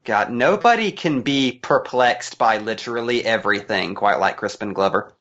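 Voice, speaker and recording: A man co-hosting a podcast, analyzing a film in a casual, animated way and laughing often. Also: on the low side, moderate pace. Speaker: podcast co-host. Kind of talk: casual movie commentary chat. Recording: dull lo-fi sound.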